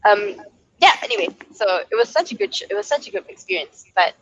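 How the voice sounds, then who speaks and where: A woman's voice: medium pitch, quick pace, lo-fi sound, slight background noise. A young woman from Malaysia, a singer-songwriter, telling a story in a casual interview and acting out quoted voices. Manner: lively, acts out quoted voices, laughs often.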